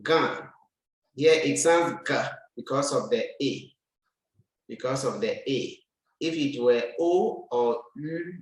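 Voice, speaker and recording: A man leads a French lesson at a very slow, deliberate pace, saying each word again and again for learners to repeat. His voice sits in a middle register. The recording is heavily echoey, as if made in a bare, reverberant room. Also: mid-range voice, a bit bright. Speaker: French teacher. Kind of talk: language lesson, drilling pronunciation.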